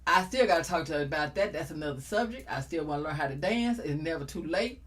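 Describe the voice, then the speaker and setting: A middle-aged woman hosts a casual talk show. She is exuberant and playful, and her pitch swings up and down as she jokes. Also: expressive, quick pace. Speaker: host.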